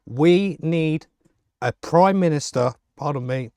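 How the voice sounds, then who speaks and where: A man's voice: on the high side, lively intonation, slow, a little mellow, clear, resonant tone, no room sound, clean studio sound. A man ranting angrily to camera, swearing heavily and sounding exasperated. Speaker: vlogger. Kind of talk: angry political rant to camera.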